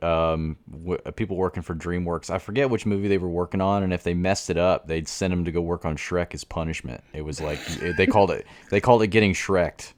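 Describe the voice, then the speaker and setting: Super deep dude, chill podcast chat, repeats himself, dry close sound. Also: male voice, dry recording. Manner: laid-back, trails off, repeats words. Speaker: podcast co-host. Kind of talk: casual chat.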